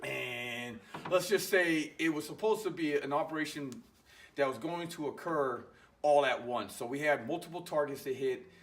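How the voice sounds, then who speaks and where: A man, an Army veteran, telling an animated, profane war story in casual conversation in a garage. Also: on the high side, moderate pace, echoey room, recorded from a distance, slight background noise.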